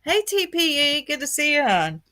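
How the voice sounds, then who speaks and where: A woman's voice: sits high, very animated, moderate pace, bright, forceful tone. A woman hosting a casual livestream, gossiping with chat and greeting viewers by name, laughing often. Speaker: livestream host.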